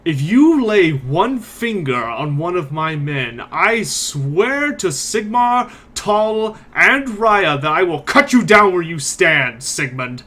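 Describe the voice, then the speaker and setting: A man voicing a gruff, blunt male mercenary captain who commands in a tabletop game. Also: high-pitched, big pitch swings, normal speed, bright, forceful tone, heavily acted. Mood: menacing.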